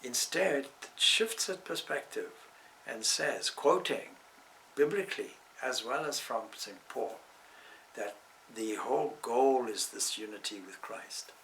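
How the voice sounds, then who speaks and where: A man giving a measured, reflective spiritual talk on scripture, with touches of gentle humor. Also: medium pitch, far from the mic, slight background noise, low-quality recording. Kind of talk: spiritual discourse.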